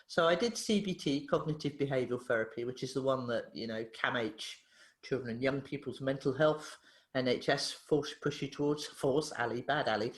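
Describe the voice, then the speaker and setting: A woman's voice: extremely low pitch, normal speed, roomy sound. A woman, a therapist telling stories in a casual interview and acting out the voices of the people in them. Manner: animated, acts out voices in her anecdotes. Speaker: therapist and author, guest.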